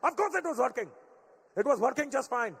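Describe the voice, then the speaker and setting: A man voicing an exasperated older Indian immigrant father with an Indian accent, stubborn and shouting back. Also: extremely high pitch, big pitch swings, a little fast, creaky, breathy edge, voice pushed up, heavily acted. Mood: indignant. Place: live comedy venue. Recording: long venue reverb.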